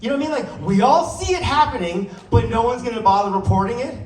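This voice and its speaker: A man performs stand-up comedy, his voice pitched high and swooping lively as he jokes with the crowd. The sound is roomy and heard from a distance, like a stage mic picked up across a club. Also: fast. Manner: animated, playful crowd work. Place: comedy stage before a live audience.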